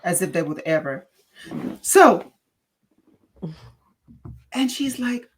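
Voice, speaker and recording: Russian-accented woman telling an animated story. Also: fairly low pitch, takes it slowly, long pauses. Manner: animated storyteller, emphatic, with filler restarts. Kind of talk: casual chat.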